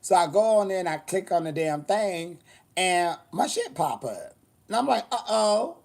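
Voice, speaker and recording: A man with a slightly high voice, hosting a loose, chatty show. He tells bawdy stories with sass and theatrical asides, laughing often as he goes. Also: sing-song, normal speed, gravelly. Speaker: host. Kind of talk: casual storytelling chat.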